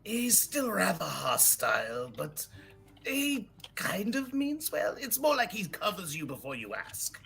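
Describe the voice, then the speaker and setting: A polite, inquisitive robot, as a player puts it on, speaking in formal and courteous tones. His pitch swoops wildly up and down, and a gravelly fry runs under the words. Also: wildly swooping pitch, a little slow, pushed and bright, heavily acted. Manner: formal, courteous, curious questioning. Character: male robotic being, polite, inquisitive about tech.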